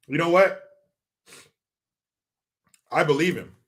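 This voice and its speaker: A man's voice: on the high side, animated, moderate pace, sharp tone. A man hosting a live commentary stream, reading chat comments in a mock-serious, sarcastic and profane way.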